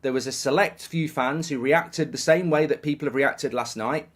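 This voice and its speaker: A man holds forth in an exasperated, sarcastic rant. His voice sits a little higher than most men's, and he stumbles over repeated words when he gets worked up. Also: normal speed. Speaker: football fan commentator. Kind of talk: ranting opinion monologue.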